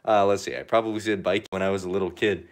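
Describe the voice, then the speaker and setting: Brief: young guy, lowish voice, loose joking livestream chatter while painting. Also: steady tone, fast talker. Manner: rambling, joking, lots of fillers. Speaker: art livestreamer.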